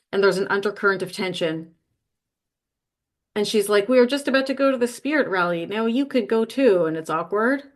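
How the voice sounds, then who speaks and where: Woman co-host, casual recap chatter, moderate pitch, filler-heavy storytelling. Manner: recaps plot with quoted lines, lots of "like". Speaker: podcast co-host. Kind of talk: casual book-recap chat.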